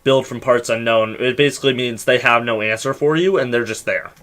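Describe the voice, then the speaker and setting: A man's voice: mid-range voice, brisk, a bit bright. A young man from Massachusetts co-hosting a casual podcast, explaining things in a teasing, playful way. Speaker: podcast co-host. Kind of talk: casual chat.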